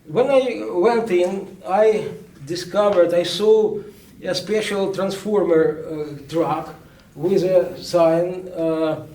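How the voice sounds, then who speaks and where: Halting man, roomy and distant. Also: sits high, dark tone. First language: Ukrainian. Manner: halting, many restarts and fillers. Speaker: journalist. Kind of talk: book presentation talk. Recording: echoey room, speaker far from mic.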